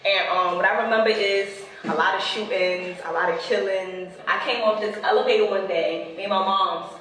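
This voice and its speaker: A woman's voice: medium pitch, fairly even intonation, moderate pace. A woman from the Bronx with a New York accent, giving a casual walking tour of her neighborhood in laid-back street slang and reflecting on growing up there. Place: outdoors on city streets. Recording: echoey, distant, with loud street noise.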